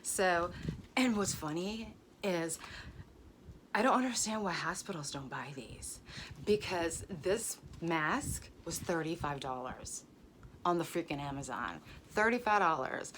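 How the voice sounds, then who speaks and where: A woman's voice: fairly low pitch, slight background noise. A middle-aged woman, a nurse, chatting casually to camera in a blunt, profane, joking way. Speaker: ER nurse vlogger. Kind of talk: casual vlog chat.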